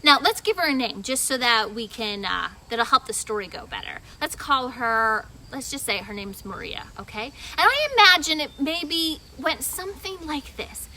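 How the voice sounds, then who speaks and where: A woman guest storyteller telling a children's Bible story in an animated, chatty way, often thinking aloud. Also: very high voice, normal speed, slight background noise, rough recording.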